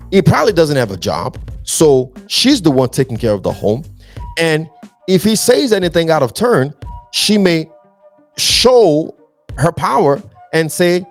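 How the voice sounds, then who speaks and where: A man's voice: fairly high pitch, slightly rough. A man hosting a relationship podcast, giving earnest, emphatic advice and repeating his points. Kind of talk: preachy relationship advice talk.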